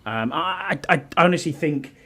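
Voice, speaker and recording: Guy on a sports podcast, calm measured take, careful about the game. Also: on the high side. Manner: measured, cautious analysis. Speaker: podcast guest analyst. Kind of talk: casual sports chat.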